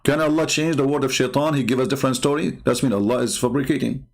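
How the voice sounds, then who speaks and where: A man talks into a desk mic on a livestream, his voice rough and gravelly. He argues with himself, throws out rhetorical questions and stumbles through fillers as he searches for words. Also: medium pitch, fairly even intonation, quick pace. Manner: argumentative, repeats rhetorical questions, frequent filler. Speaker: online show host. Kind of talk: livestream commentary on religious texts.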